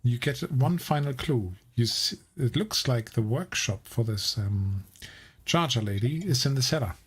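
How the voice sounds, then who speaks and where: A man running a tabletop role-playing session, narrating scenes in a relaxed, descriptive way. His voice is husky and a little breathy. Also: medium pitch, measured pace. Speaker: game master.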